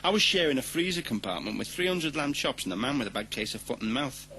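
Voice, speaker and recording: A man from London with a London accent, delivering a comic monologue in a ranting style that swings from deadpan to shouting. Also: medium pitch, fast, a little hiss or hum. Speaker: comedian.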